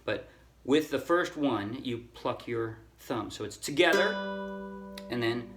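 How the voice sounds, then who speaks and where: A man teaching a ukulele song in a relaxed, casual way, counting strings aloud and correcting himself as he goes. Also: medium pitch, slow, faint music behind. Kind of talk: casual tutorial talk. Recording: ukulele playing under the voice.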